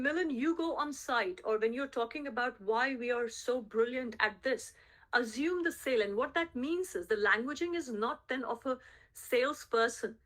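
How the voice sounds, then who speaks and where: A woman with a slightly high, fairly bright voice coaches her sales team on a group call. She is emphatic, repeating her key points to hammer them home and checking again and again whether the team is following.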